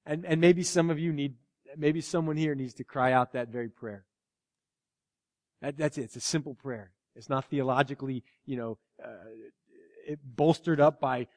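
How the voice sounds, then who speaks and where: A man preaching a sermon, animated, swinging between loud exclamations and hushed asides. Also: medium pitch, normal speed, in a large hall. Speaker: pastor.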